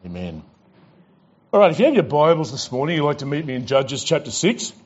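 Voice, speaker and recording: A man's voice: fairly high pitch, expressive, quick pace, lo-fi sound. A man preaching a sermon as pastor, telling stories with casual fillers and repeated "he goes.".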